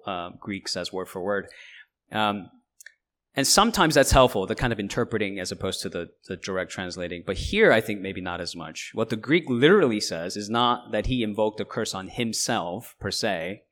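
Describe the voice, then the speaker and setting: A man giving a verse-by-verse Bible teaching, who explains in a conversational way and often checks in with "right?". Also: on the low side. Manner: explains and paraphrases in lively asides.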